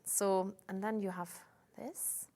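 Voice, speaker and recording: A woman's voice: medium pitch, normal speed. A woman demonstrating a craft on a live shopping-channel show in a TV studio. She explains each step patiently, with frequent "um"s and restarts.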